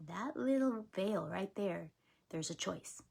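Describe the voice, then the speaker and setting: A woman teaching laughter yoga in a casual, gentle coaching way, often dropping into whispers and playful laughs. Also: medium pitch, animated, takes it slowly, creaky, breathy edge. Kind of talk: casual spoken guidance.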